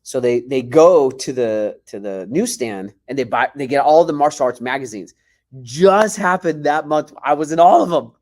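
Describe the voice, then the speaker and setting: A man's voice: medium pitch, normal speed. A male martial arts instructor, a podcast guest, telling stories in a casual way and acting out quoted dialogue. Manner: animated, acts out quoted dialogue.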